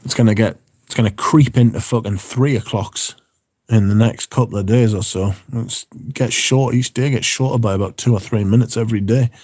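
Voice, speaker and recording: A man's voice: lowish voice, fairly even intonation, moderate pace, darkish tone, husky, no room sound, studio quality. A man, hosting a livestream in casual chat, reading viewer comments in a rambling, profane, wry way. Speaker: livestream host.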